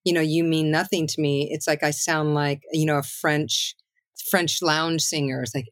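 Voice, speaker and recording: A woman's voice: low voice, little pitch movement, moderate pace, no echo. A middle-aged woman songwriter talking as a guest in a loose, rambling way, full of "you know" and "like". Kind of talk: casual interview chat.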